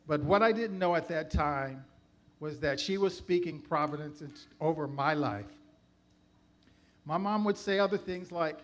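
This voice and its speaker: A man giving a spoken church testimony, measured and heartfelt, speaking slowly and deliberately. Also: fairly high pitch, a little hiss or hum. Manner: slow, heartfelt, measured delivery.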